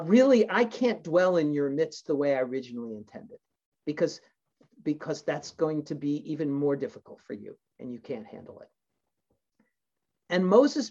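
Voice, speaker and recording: A man's voice: a little high, darkish tone. Man teaching scripture, slightly muffled. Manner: reflective, with frequent fillers and restarts. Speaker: Bible teacher. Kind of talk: sermon with scripture reading.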